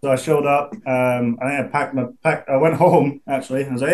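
A man in his twenties with a Scottish accent, a pro football punter chatting in an interview, relaxed and quick to laugh. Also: medium pitch. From Scotland. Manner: laid-back, chatty, laughs easily, many restarts. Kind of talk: casual interview.

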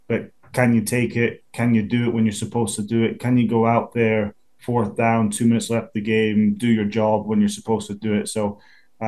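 A man's voice: on the low side, darkish tone. A man in his twenties with a Scottish accent, a football punter talking casually as an interview guest and often restarting his sentences. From Scotland. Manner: easygoing, restarts a lot, chuckles.

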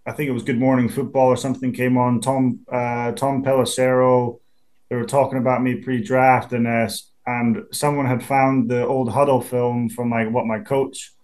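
A man's voice: mid-range voice, flat delivery, normal speed, darkish tone. A young man with a Scottish accent, a football punter in a casual interview, easygoing and often repeating words as he thinks. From Scotland.

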